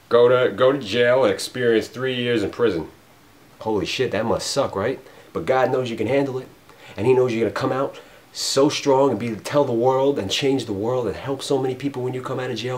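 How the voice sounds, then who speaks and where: A man going off in an unscripted spiritual rant, rambling and cursing, swinging between loud emphasis and low mutters. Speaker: vlogger.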